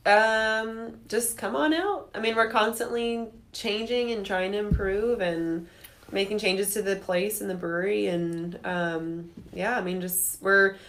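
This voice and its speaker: A woman with a Texan accent, a brewery owner and podcast guest, talking in an easygoing, soft-spoken way. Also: medium pitch, steady tone, unhurried. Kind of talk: casual chat.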